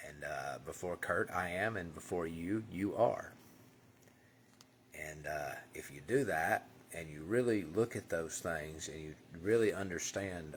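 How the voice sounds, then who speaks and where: A man's voice: sits low, a little slow, slight background noise. A man giving an earnest, casual spiritual monologue as host, often dropping to a whisper for emphasis.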